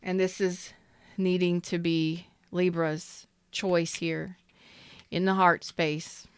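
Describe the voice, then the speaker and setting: A woman's voice: on the low side, flat delivery, takes it slowly, smooth, no echo. A woman doing a casual tarot reading, talking straight to her viewers with emphatic repetition. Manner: emphatic, repeats herself, talks straight to viewers. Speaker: tarot reader.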